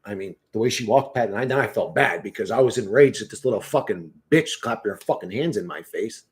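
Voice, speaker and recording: A man's voice: fairly low pitch, expressive, fairly quick. A man in casual conversation, telling a rambling, profane story full of restarts and asides. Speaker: podcast host. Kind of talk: casual chat.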